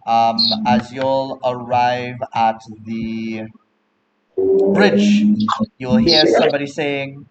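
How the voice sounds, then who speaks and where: A man's voice: mid-range voice, fairly even intonation, slow pace, hardly any pauses, dull audio, heavy background noise. A man, narrating a tabletop game as game master in a loose, joking way. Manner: loose, joking, many fillers.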